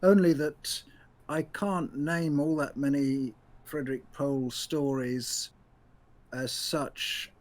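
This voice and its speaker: A man co-hosting a casual book discussion, speaking in a measured, thoughtful way. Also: fairly high pitch, fairly even intonation. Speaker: book podcast co-host.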